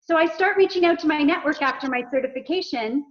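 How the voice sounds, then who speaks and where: A high-pitched woman speaks in a relaxed interview, animated as she plays out little exchanges of dialogue. The sound is dull and somewhat lo-fi. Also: quick pace. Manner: animated storyteller acting out dialogue. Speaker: executive coach, guest. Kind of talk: casual interview conversation.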